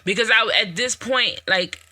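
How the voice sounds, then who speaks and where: Woman host, piercing bright tone, lively testimony, repeats herself and talks straight to listeners. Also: a little high, moderate pace, no echo. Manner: animated, storytelling, acts out quoted dialogue; repetitive, conversational, addresses listeners directly. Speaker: podcast host. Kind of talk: personal testimony talk.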